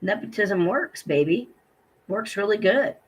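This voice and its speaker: A woman's voice: medium pitch, animated, a little slow, breathy edge, poor audio. A middle-aged woman vlogger telling a personal story in a rambling, indignant way, with many ums and restarts.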